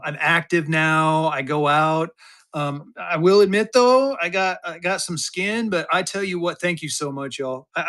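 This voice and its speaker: Casting: fifty-something man, live auction seller, rambling and chatty, slightly high voice. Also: fairly bright tone. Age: 50s. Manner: rambling, chatty, with many restarts and fillers. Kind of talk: casual live-stream chat.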